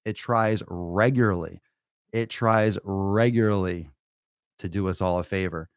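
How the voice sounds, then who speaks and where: A man's voice: sits low, measured pace, no echo, studio quality. A man hosting a podcast alone, brash, crude and theatrical, swearing constantly and stretching words out for emphasis. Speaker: podcast host. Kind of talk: profane comedic podcast monologue.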